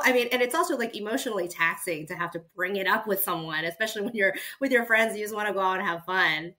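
A woman hosting a podcast, talking in an animated, emphatic way. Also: mid-range voice, fast talker, hardly any pauses. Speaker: podcast host. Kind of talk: casual conversation.

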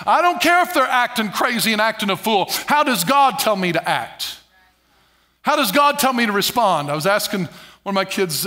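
A man's voice: high voice, bright, forceful tone. A middle-aged male pastor preaching a sermon in church, calling for responses and repeating key phrases. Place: church sanctuary.

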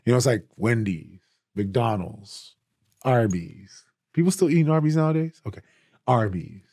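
A man teaching a Bible study in a casual, emphatic way, raising his voice to stress points and slowing down on key phrases. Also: mid-range voice, animated, warm tone, breathy edge, no room sound, studio quality. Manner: emphatic and conversational, rising for stress, drawing words out slowly.

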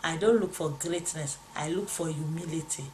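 A woman's voice: sits low, moderate pace, warm tone, slight background noise. A woman preaching a testimony, fervently acting out voices of God and the devil as she recounts a vision. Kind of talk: testimony sermon.

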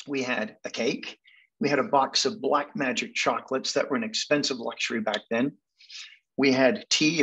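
Older man, 70s, Canadian accent, husky voice, wry storyteller guest speaker. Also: mid-range voice, a bit bright, rough recording. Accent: Canadian English. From England. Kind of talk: storytelling talk.

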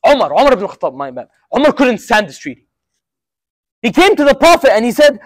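A man's voice: extremely high pitch, wildly swooping pitch, a little fast, no room sound. A young man giving an informal religious storytelling lesson to a student group, talking casually and conversationally and using frequent Arabic filler words. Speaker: student speaker at a university Muslim association.

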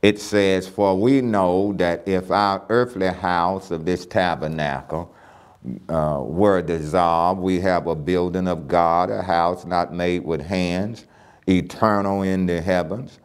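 A man's voice: low-pitched, steady tone, takes it slowly, clean tone. A man teaching a church Bible lesson, emphatic and repeating key phrases as he reads scripture aloud.

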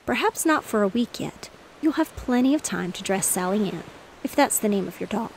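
A woman reading the part of a cheerful, reassuring father in a bedtime storybook, with a slightly gravelly voice. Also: medium pitch, expressive, fairly quick, slight background noise. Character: cheerful fatherly man, fish merchant.

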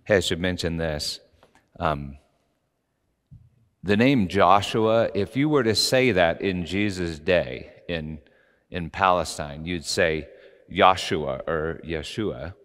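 A man's voice: deep voice, fairly bright tone, big-room sound. A male pastor preaching a conversational sermon, stressing key words and using many fillers. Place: church sanctuary.

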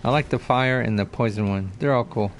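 A man's voice: medium pitch, fairly quick, a little hiss or hum. A man streaming a game live, chatting casually and greeting viewers by name on a desk mic. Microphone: desk mic, no headset.

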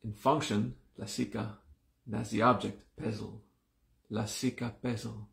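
A man leads a class at an unhurried pace, saying each term slowly and then repeating it. His voice is gravelly and a little groggy, as if he just woke up. The room around him has a clear echo. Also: lowish voice, level tone, fairly bright tone. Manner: slow and deliberate, repeating terms several times. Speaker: yoga teacher. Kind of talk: live-streamed class teaching.

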